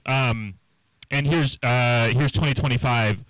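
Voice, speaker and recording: A man's voice: medium pitch, a little slow, a bit bright, no echo, rough recording. A man from Norfolk, Virginia doing a stand-up set in a small live room, loose and conversational with trailing fillers. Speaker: stand-up comedian. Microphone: handheld stage mic.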